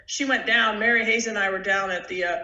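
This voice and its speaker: A woman's voice: medium pitch, steady tone, fairly quick, sharp tone. An older woman and former college basketball player, retelling a game move by move. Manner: vivid play-by-play storyteller. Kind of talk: reminiscing conversation. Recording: dull, echoey sound.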